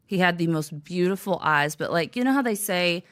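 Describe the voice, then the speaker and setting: A woman's voice: fairly low pitch, animated, moderate pace. A young woman, the author of a memoir, telling her story candidly in an interview, with many fillers and restarts.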